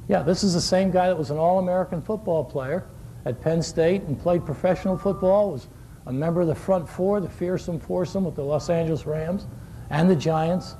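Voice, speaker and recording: A man's voice: high-pitched, dark tone, slight background noise. A man in his sixties coaching basketball shooting at a clinic, a folksy storyteller who jokes and repeats his key words. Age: 60s.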